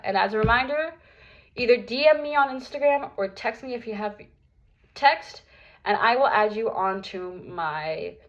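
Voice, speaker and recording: A young woman speaks openly to her viewers in a personal vlog, sincere and unguarded, her sentences full of casual fillers. Her voice sits at an ordinary middle pitch. The recording sounds a little dull and lo-fi. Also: fairly bright tone. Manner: earnest, open, lots of "like" fillers. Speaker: vlogger.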